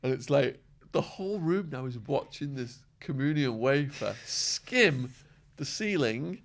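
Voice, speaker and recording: A man telling prison stories as a podcast guest, acting out quotes and laughing, his voice going hoarse. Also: medium pitch, a little slow. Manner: animated storyteller, acts out quotes, laughs. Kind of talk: storytelling interview.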